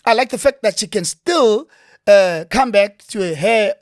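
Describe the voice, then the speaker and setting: Animated South African man telling stories. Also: moderate pace, dry recording, studio quality. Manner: animated storyteller, lively pitch swings, many restarts. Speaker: veteran actor, interview guest. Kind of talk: casual interview chat.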